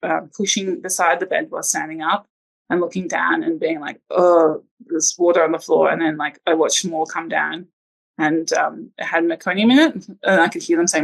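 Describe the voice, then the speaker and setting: Low-voiced chatty woman with gravelly fry. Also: fairly even intonation, normal speed, poor audio. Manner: chatty, many ums and likes, acts out quotes. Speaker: guest sharing her birth story. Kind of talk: casual storytelling interview.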